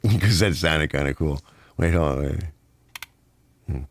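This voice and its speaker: A man's voice: rumbling low, measured pace. A man hosting a live stream, chatting casually and reading viewer comments aloud in a rambling way. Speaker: channel host reading live chat.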